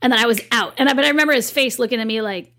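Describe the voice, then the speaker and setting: A company owner in her thirties, appearing as a guest in a casual interview, tells a personal story in a lively, chatty manner. Her voice sits on the high side, and she talks very fast.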